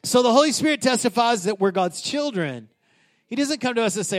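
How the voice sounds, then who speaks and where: Pastor guy in his 30s preaching, high voice, casual and emphatic, keeps restarting sentences. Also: animated, fairly quick. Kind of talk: sermon.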